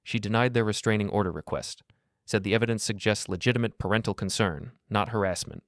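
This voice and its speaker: A man reading a brisk, calm lawyer. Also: lowish voice, dry recording, clean studio sound, lightly acted. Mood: businesslike. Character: calm, capable male lawyer.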